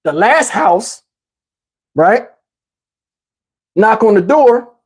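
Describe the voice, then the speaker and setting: Man, middle-aged, husky voice, casual storytelling, animated, streetwise slang. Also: high voice, drawn-out words. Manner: animated, streetwise, constant "you know what I'm saying" asides. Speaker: YouTube storyteller.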